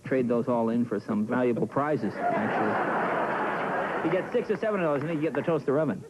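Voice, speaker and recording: A man from New England hosting a late-night talk show, teasing his guest with quick dry wisecracks. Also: mid-range voice, lively intonation, muffled recording. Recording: old TV broadcast tape, loud noise.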